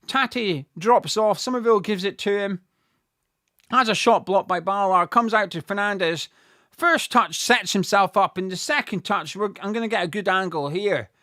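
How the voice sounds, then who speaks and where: A man giving live fan commentary on a football match, excitable and swearing freely, bursting into shouts at big moments. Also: high voice, moderate pace, no echo, clean studio sound.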